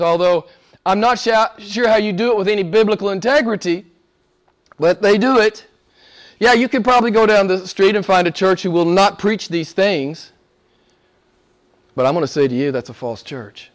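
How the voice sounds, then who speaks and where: A male pastor with a notably high voice delivers a sermon in church. He preaches emphatically, firing rhetorical questions and moving between hushed lines and forceful declarations.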